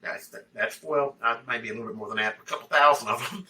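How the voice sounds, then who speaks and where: Emphatic man from Mississippi, very bright tone, slightly distant from the mic. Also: medium pitch, fast talker, slight background noise. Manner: emphatic, rising to loud bursts. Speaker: guest, agency mentor. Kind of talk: interview answers.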